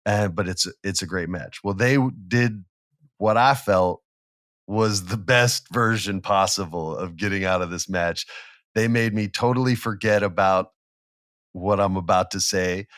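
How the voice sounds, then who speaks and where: Animated, low-voiced male podcast host. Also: a little slow, no room sound, clean studio sound. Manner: animated storyteller who acts out quotes and sound effects. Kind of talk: casual wrestling podcast chat.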